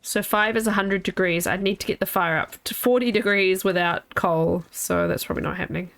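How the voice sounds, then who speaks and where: A woman's voice: mid-range voice, fairly even intonation, brisk, creaky, fairly bright tone. A woman in her thirties streaming a video game, chatting casually with her viewers in a rambling way that trails off and restarts.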